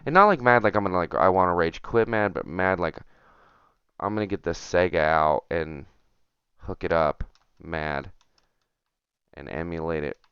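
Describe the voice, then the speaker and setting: With long pauses between remarks, a low-voiced man at a moderate pace narrates his retro game stream casually, addressing himself and his viewers and muttering in frustration. His tone is clean and there's no room sound. The audio itself sounds dull.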